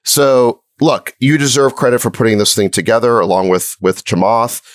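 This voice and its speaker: A man's voice: mid-range voice, moderate pace, dry recording. Dry-voiced mocking man co-host. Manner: mocking, needling. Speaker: podcast co-host. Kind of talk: podcast argument.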